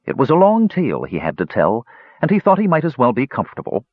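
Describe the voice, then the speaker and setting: A man reading a fantasy story aloud in an expressive storytelling manner. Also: medium pitch, fast, no echo. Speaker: audiobook narrator. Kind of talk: scripted fantasy narration. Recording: slightly dull lo-fi recording.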